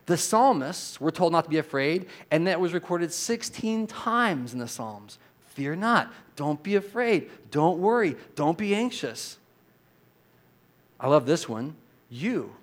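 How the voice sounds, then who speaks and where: A man preaching a sermon as pastor, conversational and animated, rising for emphasis and dropping low on quoted lines. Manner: conversational, with repeated restarts.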